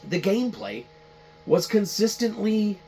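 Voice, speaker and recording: A man's voice: high voice, very animated, measured pace, warm tone, a little hiss or hum. A man hosting a podcast, ranting casually about a video game in a rambling, profane, repetitive way. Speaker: podcast host. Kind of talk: casual game-review rant.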